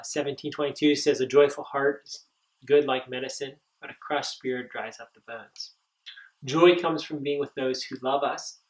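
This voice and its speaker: A man giving a training talk to camp counselors, earnest and halting, with frequent ums and restarts. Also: medium pitch, distant mic, rough recording. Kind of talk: instructional talk.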